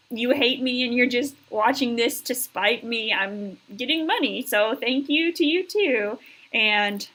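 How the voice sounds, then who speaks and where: A woman's voice: fairly high pitch, a bit bright, poor audio. An American woman hosting a live stream, chatting in a heartfelt way with lots of fillers, thanking viewers and reading the chat aloud. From United States.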